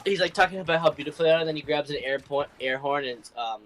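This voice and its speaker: A man chatting with teammates during a shooter game, excitable and telling a story. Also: on the high side, quick pace. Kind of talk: casual gaming chat. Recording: game chat with noisy gunfire background.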